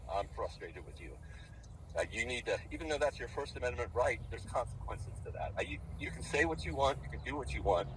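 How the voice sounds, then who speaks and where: An angry man arguing outdoors, his voice bright and sharp-edged. He talks bluntly and repeats himself. He is caught from a distance, with faint street and car noise around him. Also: mid-range voice, animated, fairly quick. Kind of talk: heated doorstep confrontation.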